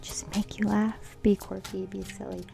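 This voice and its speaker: A woman's voice: mid-range voice, flat delivery, moderate pace, vocal fry. Brief: middle-aged woman card reader, playful and giggly, slips into whispers, faint music under. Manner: playful, giggly, often drops to a soft whisper. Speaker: tarot reader. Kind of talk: casual oracle card reading.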